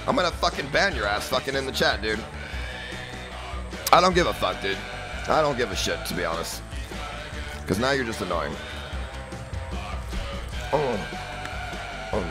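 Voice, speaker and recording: A man's voice: medium pitch, lively intonation, normal speed, long pauses, music in the background. A young man live streaming, ranting at his chat in a profane, agitated, repetitive way. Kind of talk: livestream rant at chat.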